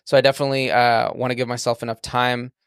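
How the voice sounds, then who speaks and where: A man chatting casually and emotionally about planning his wedding, expressive and swearing freely. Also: medium pitch, fast talker, clean tone, no echo, clean studio sound. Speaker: vlog co-host, groom-to-be. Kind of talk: casual chat.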